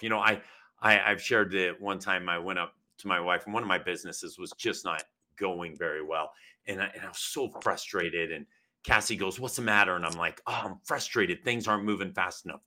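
A man hosting a podcast interview, talking in an animated, casual way with frequent restarts. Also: fairly low pitch. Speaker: podcast host.

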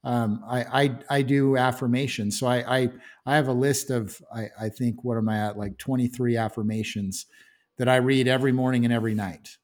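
A man's voice: medium pitch, fairly even intonation, moderate pace. A man speaking as a guest in a casual interview, earnest, with frequent restarts and "you know".

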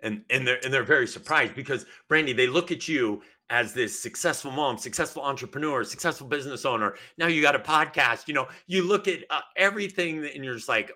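A man hosting a podcast interview, talking in an animated, casual way with frequent restarts. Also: mid-range voice, fairly quick, few pauses. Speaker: podcast host.

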